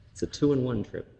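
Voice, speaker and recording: A man giving an informal spiritual talk to an audience, telling stories with humor and slow, drawn-out phrases. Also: medium pitch, gravelly, mellow. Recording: reverberant hall, faint noise.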